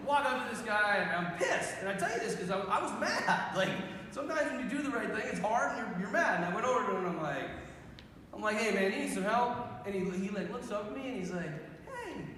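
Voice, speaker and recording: High bright-voiced priest doing a youth talk, lively storytelling, big roomy hall, bit of hiss. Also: male voice, a little fast. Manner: animated, acts out quotes, laughs often. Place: large hall. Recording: echoey hall from far off.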